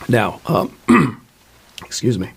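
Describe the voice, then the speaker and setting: A man giving a relaxed spoken tarot reading, reflective and conversational, often adding "you know" and "right.". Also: mid-range voice, slow pace, gravelly, slightly rough. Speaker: tarot reader.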